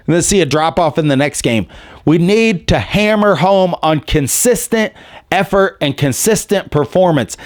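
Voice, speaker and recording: An opinionated man hosts a sports talk show, rambling candidly about his team. His voice is smooth and a touch high, recorded close and dry. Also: dry recording. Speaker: sports podcast host. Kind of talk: casual opinionated chat.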